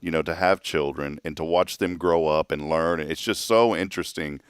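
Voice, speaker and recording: A man in his thirties chatting casually as a show host, telling a family story with lively laughs. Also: a bass voice, moderate pace, clear, resonant tone, dry recording. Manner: storytelling, animated, laughs often. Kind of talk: casual chat.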